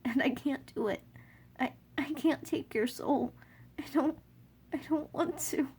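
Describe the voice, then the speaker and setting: A woman's voice: fairly high pitch, warm tone, slightly rough. A woman voicing a tearful young child who pleads and stammers. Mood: sobbing plea. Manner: halting, stammering, sobbing.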